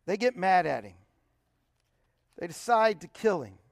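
A man's voice: sits high, very animated, unhurried, gravelly, no room sound, clean studio sound. A man giving an emphatic Bible teaching, often posing rhetorical questions to his listeners.

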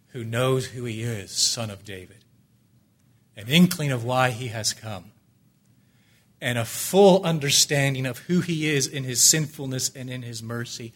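A man preaching a sermon, swinging from loud, ringing declarations down to hushed, pleading near-whispers. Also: mid-range voice.

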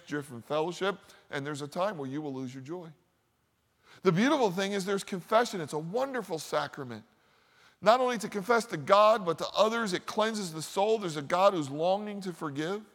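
A man preaching a sermon, telling stories and swinging from loud, lively lines to quiet, hushed ones. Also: high voice. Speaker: pastor. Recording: long hall reverb.

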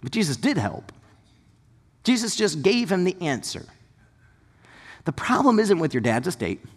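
A man preaching a sermon as pastor, conversational and animated, with sudden shouts and quick asides. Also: mid-range voice. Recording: long hall reverb.

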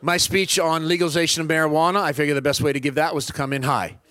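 A man preaching a personal testimony, telling it as an animated story and acting out both sides of the dialogue. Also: a little high, fast talker, smooth, no echo.

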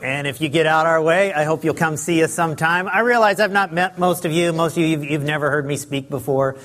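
A man with a high, light voice preaching as a guest pastor, chatty and self-deprecating, with many fillers. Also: brisk, a bit bright. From Southern California. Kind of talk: sermon. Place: church sanctuary.

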